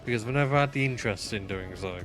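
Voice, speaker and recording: A man's voice: fairly low pitch, fast talker, fairly bright tone, soft background music. A man streaming a game live, chatting casually while he plays. He rambles, swears freely and mocks himself.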